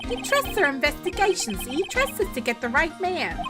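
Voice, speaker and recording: A woman voicing a gruff, loyal male police detective who calls everyone pal, reading game dialogue aloud. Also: high-pitched, very animated, normal speed, over music, pitched above the performer's own voice. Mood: earnest. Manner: folksy, calls people pal.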